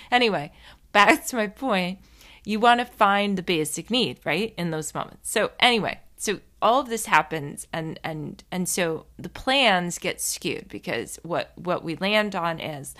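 A woman's voice: medium pitch, a bit bright. A woman giving a casual self-help monologue, candid and chatty, swearing now and then and drifting into side stories while she talks straight to the listener. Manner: speaks to the listener directly with frequent "right?" and "like".

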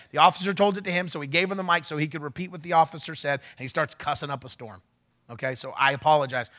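A male pastor telling a story during a sermon, animated and getting loud when he acts out what was said. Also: fairly high pitch. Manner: animated, shouts when acting out quotes. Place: church.

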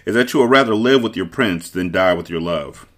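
A man's voice: low voice, animated, brisk, fairly bright tone. A man voicing a proud, defiant young male hero in a storybook reading, stern and challenging. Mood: bitter.

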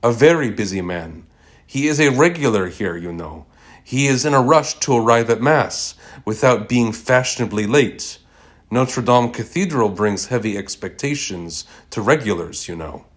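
A man's voice: medium pitch, expressive, moderate pace, lightly acted. A man voicing a young male college student working as a barista, speaking politely with a thick accent. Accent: thick foreign accent. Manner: courteous, deferential.

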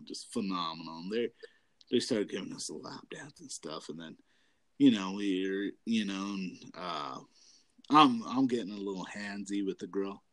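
Low-voiced man telling a rowdy story. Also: a bit bright, no room sound. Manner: rambling, profane, laughs often. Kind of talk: casual chat.

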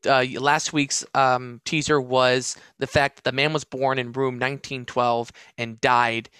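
A man's voice: mid-range voice, flat delivery, a little slow, sharp tone, clean tone, no echo, studio quality. A young man co-hosting a casual podcast, upbeat and enthusiastic, using casual slang. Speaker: podcast co-host.

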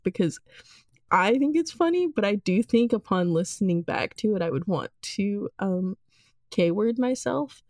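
A woman's voice: mid-range voice, animated, a little slow, darkish tone, no room sound, studio quality. A woman game master in a casual podcast chat, talking hesitantly with many fillers.

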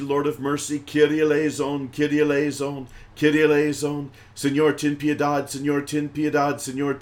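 A man's voice: on the high side, darkish tone. A man from the American South with a Southern accent, leading liturgical prayers for a live stream in a chanting, intoning voice. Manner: intoning prayers in a raised chanting voice, chatty and laughing between.

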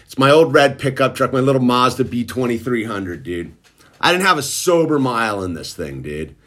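A man's voice: mid-range voice, lively intonation, normal speed, fairly bright tone. A middle-aged man casually telling a long personal story in laid-back slang, tossing in "dude" constantly. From Southern California. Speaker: recovery storyteller.

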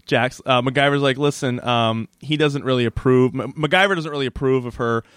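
A man's voice: medium pitch, a bit bright, clear, resonant tone, no echo, studio quality. A man co-hosting a podcast, recapping an episode in casual chat, laughing often and acting out the characters' lines. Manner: laughs often, acts out characters' lines in quick put-on voices. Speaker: podcast co-host.

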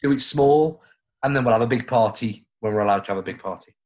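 A man's voice: mid-range voice, quick pace, a little mellow. A young man with a Stoke-on-Trent accent, a radio presenter chatting casually in a jokey, rambling way. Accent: Stoke-on-Trent English. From Stoke-on-Trent area, England. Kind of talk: casual chat.

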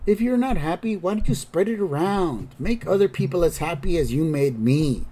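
A gentle old lady ghost who speaks softly and soothingly, as a man puts her on. His voice climbs well above its usual pitch for her, soft and quiet. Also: expressive, moderate pace. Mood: tender. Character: female ghost, elderly woman.

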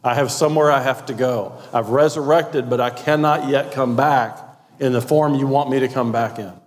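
A man's voice: medium pitch, steady tone, normal speed. A man preaching a sermon, emphatic and repetitive, with conversational asides to the congregation. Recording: long hall reverb.

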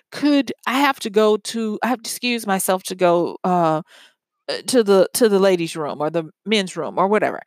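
A woman teaching conversation tactics in a relaxed, chatty way, breaking into short acted-out example lines. Her voice sits at an ordinary middle pitch. The recording is dry and close, with no room sound. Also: no echo. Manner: conversational, acts out example lines, laughs now and then. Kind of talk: instructional talk.

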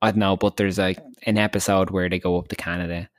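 A man hosting a podcast, joking and swearing casually and laughing loudly. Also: deep voice, level tone, fast, no room sound, clean studio sound. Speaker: podcast host. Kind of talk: casual chat.

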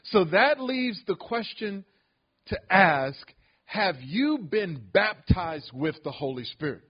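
A man's voice: sits high, sing-song, slow pace, slightly rough, muffled recording. A man preaching a sermon as pastor, calling out to the congregation as he teaches. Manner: preaching with call-outs to the congregation.

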